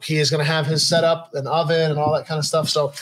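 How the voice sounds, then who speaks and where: A young podcast host runs a loose, casual live chat in a slightly high voice, reading news items aloud in a relaxed manner. He talks fast, often trailing off into fillers and easy laughter, and the audio quality is poor.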